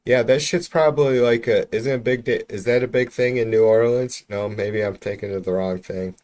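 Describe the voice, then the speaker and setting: A man's voice: mid-range voice, fairly even intonation, normal speed, a little mellow. A man casually chatting with his livestream viewers, rambling and swearing freely, speaking from about an arm's length from the mic. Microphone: mic about an arm's length away.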